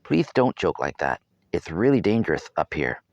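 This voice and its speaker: A man's voice: sits low, sing-song, moderate pace, no room sound, muffled recording. A man voicing a cheerful young girl in a storybook reading, sweet and giggly. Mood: gentle.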